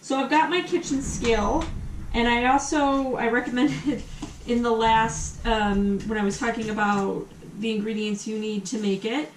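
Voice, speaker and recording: An American woman hosts a casual home cooking demonstration in her kitchen, chatty and full of ums as she cooks. Her voice is a little high and a little slow with fairly even intonation. The kitchen is echoey, the mic sits at a distance, and there's a little hiss or hum.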